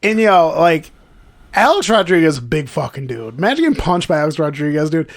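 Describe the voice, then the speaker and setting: A young man with a slightly high voice hosts a loose, profane podcast chat. He rambles, hunts for words and laughs as he goes. The sound is dry and close. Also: very animated, a little fast, dry recording. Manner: rambling, profane, laughs while retelling bits. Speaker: podcast host.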